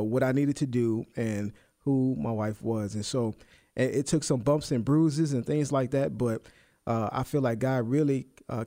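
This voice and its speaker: A man in his thirties co-hosting a faith podcast, talking in a halting way with many fillers and restarts. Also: mid-range voice, dark tone, no room sound, studio quality. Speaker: co-host. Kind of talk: casual faith podcast conversation.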